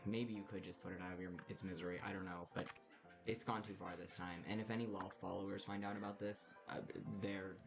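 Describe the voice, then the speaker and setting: A man voicing a chatty, fretful androgynous tiefling drow bartender who talks fast and breezily, in a tabletop game. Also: low voice, little pitch movement, music in the background. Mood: worried. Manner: quick, gossipy, breezy complaining.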